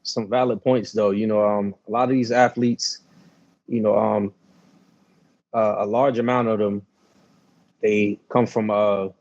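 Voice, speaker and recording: A man co-hosting a sports podcast, talking in a laid-back, halting way with many fillers. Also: on the low side, vocal fry, a little mellow, no room sound. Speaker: podcast co-host. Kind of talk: casual sports podcast talk. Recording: dull lo-fi sound.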